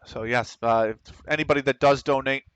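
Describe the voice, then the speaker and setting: A man with a Philadelphia accent giving casual commentary while streaming a game, talking quickly and running his words together, often clearing his throat. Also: mid-range voice, fairly even intonation, fairly bright tone, dry recording. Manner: fast, runs words together.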